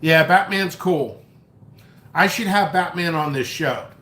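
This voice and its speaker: A man's voice: a little high, unhurried, bright, forceful tone. Man, stream host, casual rambling, mocking, restarts, echoey room. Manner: storytelling, mocking, swears, restarts often. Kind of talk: rambling live stream chat, reading comments. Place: at home, eating noodles.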